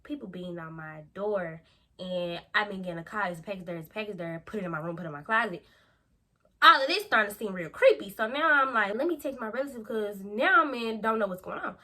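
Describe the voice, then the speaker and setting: Animated young woman telling a story. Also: medium pitch, quick pace. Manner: animated, slangy storytelling with acted quotes. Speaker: vlogger. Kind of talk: storytime vlog.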